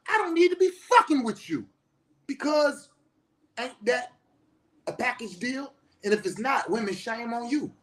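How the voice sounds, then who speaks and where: Aave-speaking counselor guy going off, cussing, passionate, gets loud. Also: extremely high pitch. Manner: passionate, blunt, heavy swearing, rising to shouts. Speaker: spiritual teacher and counselor. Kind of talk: impassioned profane monologue.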